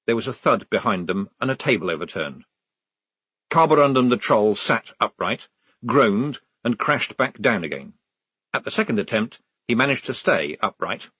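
A man narrating a storybook with a wry, expressive reading. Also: lowish voice, slightly rough, dry recording. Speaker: audiobook narrator.

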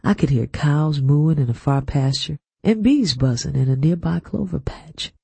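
A man narrating an audiobook in a steady, measured storytelling manner. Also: on the high side, creaky, husky, dry recording. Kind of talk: scripted narration.

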